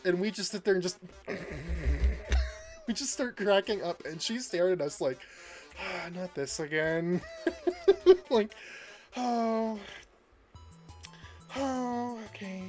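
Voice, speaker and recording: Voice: medium pitch, a little mellow. A game streamer chatting casually and rambling through a story, laughing often and greeting viewers by name. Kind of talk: casual livestream chat while gaming.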